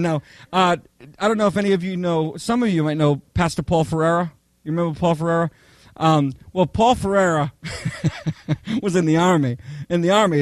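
Here a man with a high voice, a pastor, fills his sermon with lively stories. Again and again he checks in with his listeners through a brief "right?" or "okay?", and the audio sounds dry and close-miked with no reverb.

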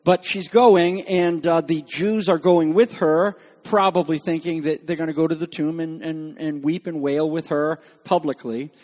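A man's voice: on the high side, steady tone, a little mellow. Man preaching in a reverberant hall. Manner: measured teaching, acts out quoted lines. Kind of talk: expository sermon.

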